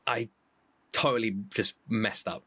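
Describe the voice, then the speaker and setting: A man talking as a podcast guest, telling stories in a lively way and acting out his own remarks. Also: fairly low pitch, a little slow, slightly rough, dry recording. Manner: animated storyteller, acting out his own quotes. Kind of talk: casual podcast chat.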